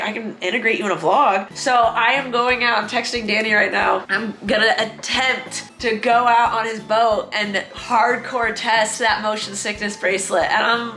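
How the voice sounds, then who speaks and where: Bright-voiced young woman vlogging casually. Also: fairly high pitch, echoey room. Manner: chatty, laughs often, acts out quotes. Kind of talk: casual vlog chat. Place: store, car and home office.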